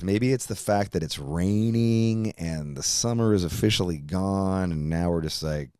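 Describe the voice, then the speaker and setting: A middle-aged man hosting a podcast, rambling through a profane, animated monologue. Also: sits low, unhurried, no echo, clean studio sound. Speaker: podcast host. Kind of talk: casual chat.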